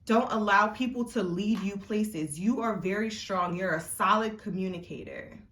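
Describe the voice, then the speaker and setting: A woman's voice: medium pitch, moderate pace, a bit bright, distant mic. A young woman giving a casual tarot reading to camera, chatty and rambling with lots of fillers, her sinuses a little congested. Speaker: tarot reader. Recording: echoey room, mic set back.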